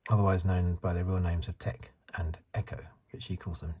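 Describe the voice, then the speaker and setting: A soft-spoken man in his fifties from the UK chats in a low, mellow voice with an extremely smooth, resonant tone. He rambles and corrects himself as he goes, in a relaxed ASMR style. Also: a little fast, few pauses. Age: 50s. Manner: rambling, self-correcting, chuckles. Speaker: ASMR channel host.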